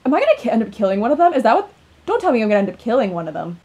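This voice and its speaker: A woman giving let's-play reaction commentary on a game. She reacts dramatically and laughs often, with a high voice that swings widely in pitch. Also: big pitch swings, racing, mellow, highs cut off. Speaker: gaming video host.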